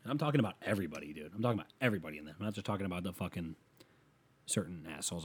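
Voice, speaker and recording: A man's voice: sits low, lively intonation, very fast, slightly rough. A man hosting a solo podcast, ranting in a rambling, profane way, with a slight lisp on his s sounds. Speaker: podcast host.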